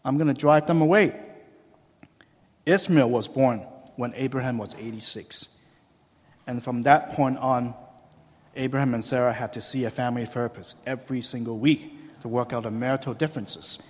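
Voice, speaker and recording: A man preaching a sermon, telling the story with lively, animated delivery and acting out quoted voices. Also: mid-range voice, normal speed, husky, long reverb tail. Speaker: pastor.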